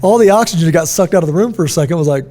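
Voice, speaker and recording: A man's voice: a little high, rapid-fire. A middle-aged man hosting a casual podcast conversation, telling stories and acting out quoted voices. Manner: storytelling, animated, acts out quotes. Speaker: podcast host.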